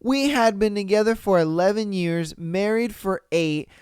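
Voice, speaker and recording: Podcast host, male, unhurried delivery, clean dry voice; reads posts aloud and reacts with stunned, swearing incredulity. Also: high-pitched, darkish tone, clear, resonant tone, dry recording. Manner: swears freely, incredulous, slangy. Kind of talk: casual reaction commentary reading posts.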